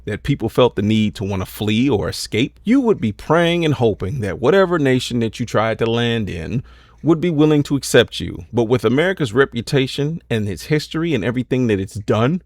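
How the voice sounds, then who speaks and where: A man's voice: mid-range voice, lively intonation, fairly quick, darkish tone, dry recording, clean studio sound. A man hosting a commentary video, speaking bluntly and emphatically, with frequent profanity. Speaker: commentary channel host. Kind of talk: casual commentary.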